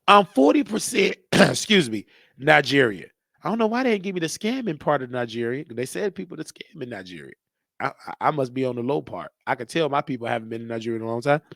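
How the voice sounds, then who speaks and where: A man's voice: mid-range voice, very animated, fast, gravelly, a bit bright, dry recording, clean studio sound. A man hosting his own show, talking casually and rambling, joking and thinking aloud as he goes. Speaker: show host. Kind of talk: casual live-stream monologue.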